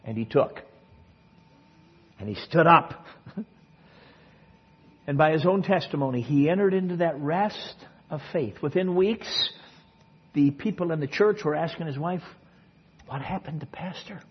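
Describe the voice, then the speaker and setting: A man preaching a sermon, telling a story with sudden swings between soft and loud passages, in front of a congregation. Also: fairly high pitch, animated, measured pace, pauses often, breathy edge, muffled recording. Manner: storytelling with dramatic swings in loudness and pace. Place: church service.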